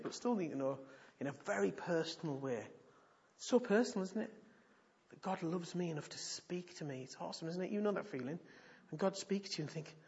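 In this dull, lo-fi recording, a male pastor delivers sermon teaching, animatedly telling stories and driving points home through repetition. He sits on the high side, with a slightly rough tone.

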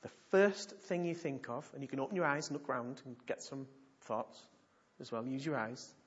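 This man speaks at a medium pitch and moderate pace, his voice slightly rough. Preaching in church, he tells stories animatedly and repeats points for emphasis, a pastor teaching a sermon. The audio is dull and lo-fi.

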